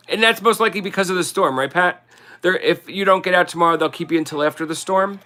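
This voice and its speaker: Bright-voiced New Jersey man, chatty. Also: high voice. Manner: rambling, chatty, laughs often. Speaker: livestream host selling collectibles. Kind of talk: casual livestream chat.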